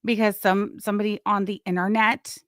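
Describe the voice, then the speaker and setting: A woman hosting a live stream, giving casual gossip commentary in a blunt, crude way with sudden loud, excited bursts. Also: mid-range voice, fairly quick, clear, resonant tone, no echo, studio quality. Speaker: livestream host.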